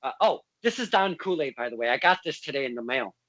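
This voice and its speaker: A man's voice: medium pitch, very animated, fast talker, fairly bright tone, no room sound, rough recording. A man hosting a casual podcast, joking and teasing his guests with lots of fillers.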